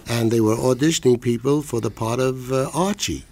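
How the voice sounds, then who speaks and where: An older man with a gravelly, mid-pitched voice, chatting as a guest about his days as a radio actor. He rambles through his stories with lots of ums and restarts, and briefly acts out the voices of the people in them. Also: moderate pace, warm tone. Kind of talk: casual anecdotal chat.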